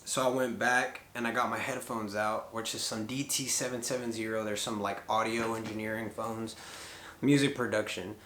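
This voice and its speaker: A man's voice: on the low side, little pitch movement, normal speed, a bit bright, echoey room, a little hiss or hum. A middle-aged man telling a rambling story to the camera, full of fillers as he retells conversations. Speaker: paranormal vlogger.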